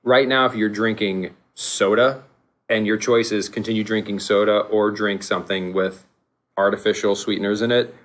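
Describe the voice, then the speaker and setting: A man co-hosting a casual podcast, animated, laughing often and restarting his sentences. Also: on the low side, moderate pace. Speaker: podcast co-host.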